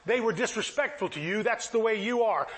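A man's voice: sits high, fairly quick, a bit bright. A man preaching a sermon, impassioned and pleading, firing off rhetorical questions.

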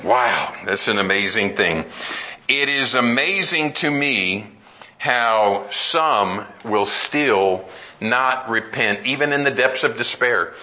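A man's voice: medium pitch, lively intonation, slow pace, sharp tone, low-quality recording. A middle-aged man preaching a sermon, earnest and emphatic, often restarting and climbing to exclamations.

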